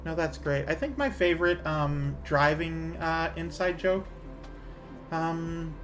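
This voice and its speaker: A man's voice: a little high, slow, fairly bright tone, faint music behind. A man streaming a game, chatting casually in a rambling way and laughing at his own jokes.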